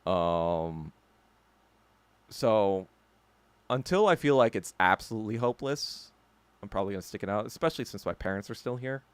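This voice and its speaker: A man's voice: on the low side, animated, normal speed, long pauses, smooth, dry recording. A man hosting a podcast alone, ranting in a heated, profane, emphatic way. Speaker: podcast host. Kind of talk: solo ranting commentary.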